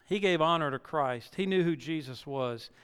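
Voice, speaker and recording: A man's voice: on the high side, moderate pace, a bit bright, smooth. A male pastor preaching a sermon, reading scripture dramatically and building to emphatic peaks. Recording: long reverb of a large hall.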